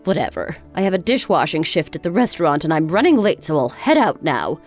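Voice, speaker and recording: A woman's voice: on the low side, sing-song, fairly quick, faint music behind. A woman voicing a harsh, sarcastic older mother-in-law in a dramatized story. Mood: scornful. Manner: cutting, sarcastic.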